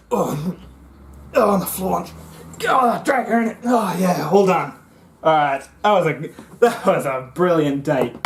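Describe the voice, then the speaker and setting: A man vlogging a comic monologue to the camera, excitable and often jumping into high voices as he acts things out. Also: slight background noise. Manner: excitable, jumps into high squeaky voices when acting things out.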